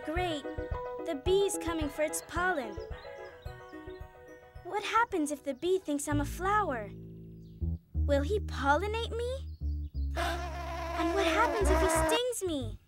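A jumpy, fretful young cartoon character in a very high, unhurried voice. The worries tumble out in long, slow lines, with loud music playing behind. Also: female voice, heavily acted. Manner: fretful, panicky shrieks. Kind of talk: children's cartoon voice acting.

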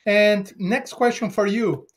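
Male host, fairly high voice, hesitant phrasing while asking questions. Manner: halting, searching for words. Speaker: talk show host. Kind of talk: interview questions.

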